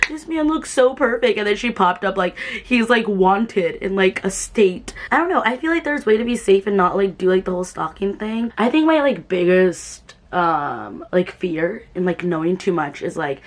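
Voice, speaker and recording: A woman's voice: mid-range voice, moderate pace, few pauses. A young adult woman chatting casually while doing her makeup, rambling and filling her talk with "like". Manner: chatty, rambling, full of "like" fillers. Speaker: beauty vlogger.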